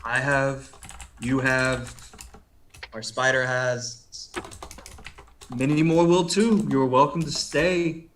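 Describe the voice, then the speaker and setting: A man voicing a sinister male cult priest in a tabletop game, speaking low and slow with quiet menace. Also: fairly even intonation, slight background noise. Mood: falsely welcoming.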